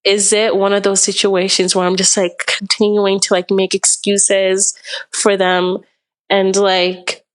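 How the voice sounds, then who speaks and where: A woman's voice: mid-range voice, monotone, unhurried, clean tone. A young woman from Canada, a podcast guest, telling a long story in a rambling, casual way, full of "like" and acted-out quotes. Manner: rambling, heavy use of "like", acts out quotes.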